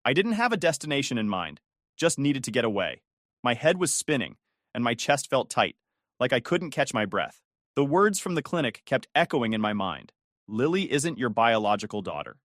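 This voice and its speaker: A man's voice: mid-range voice, very animated, moderate pace, fairly bright tone, no echo, studio quality. Man narrating a bitter first-person story.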